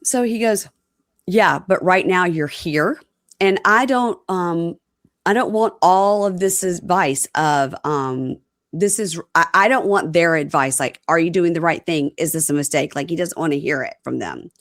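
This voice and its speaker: Lower-voiced woman, animated recapping. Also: normal speed, no room sound, studio quality. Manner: animated retelling, acting out quotes. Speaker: podcast co-host recapping reality TV. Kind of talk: casual chat.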